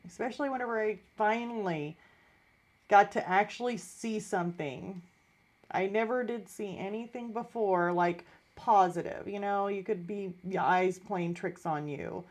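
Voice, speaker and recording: A woman's voice: mid-range voice, a little slow. A middle-aged woman hosting a live art stream, telling a story in casual chat and acting out the voices of the people in it.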